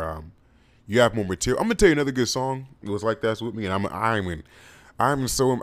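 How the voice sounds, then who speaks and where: Animated young man hosting a podcast. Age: 20s. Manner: animated, playful, mock-preacher flourishes; swoops up into high exclamations. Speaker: podcast host. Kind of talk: casual podcast monologue.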